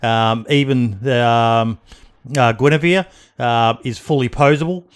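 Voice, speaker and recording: A man hosting a podcast in casual chat, rambling with many pauses and fillers. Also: mid-range voice, smooth. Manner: rambling, many ums and uhs, hesitant. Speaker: podcast host.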